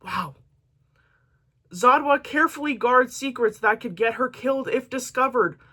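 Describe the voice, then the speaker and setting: A woman's voice: a little high, expressive, unhurried, pushed and bright, husky. A woman book vlogger chatting casually to camera, reading book blurbs aloud with jokey asides.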